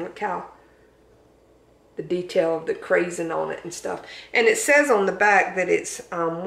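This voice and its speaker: A woman's voice: fairly low pitch, gravelly, reverberant, rough recording. Chatty Southern woman showing thrift finds. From Southern United States. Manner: chatty, homey, laughs at herself. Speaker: thrift haul vlogger. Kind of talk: casual show-and-tell chat. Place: home dining room.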